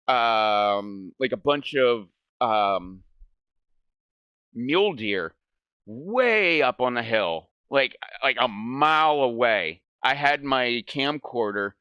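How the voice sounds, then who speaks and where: A man's voice: medium pitch, sharp tone, clean tone, no room sound, lo-fi sound. A man hosting a gaming channel, telling a story in casual chat. He rambles, swears a lot and keeps saying "like". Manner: rambling, profane, fills speech with "like".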